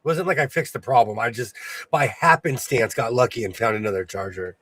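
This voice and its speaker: A man's voice: medium pitch, brisk, a bit bright. A man hosting a sewing livestream in casual chat, playful, breaking into bits of song and laughter.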